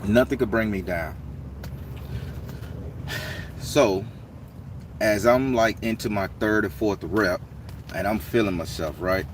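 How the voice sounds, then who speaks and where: A man casually telling a story to his viewers, his voice climbing high and heated as he acts out an argument. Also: slow pace, long pauses, recorded from a distance, slight background noise. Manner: animated street-talking storyteller, rising excited and heated as he retells.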